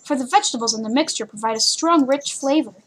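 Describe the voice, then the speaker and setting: A woman's voice: high-pitched, fast, a little hiss or hum, natural voice. A woman reading the lines of a poor young male student, describing food in a flowery, overdramatic way. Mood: savoring.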